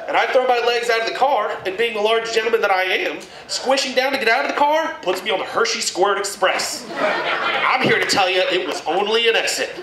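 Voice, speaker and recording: A man performing a crude, animated stand-up comedy set in a packed club. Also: sits high, brisk, recorded from a distance, noisy background. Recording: echoey room mic'd from afar, loud crowd laughter.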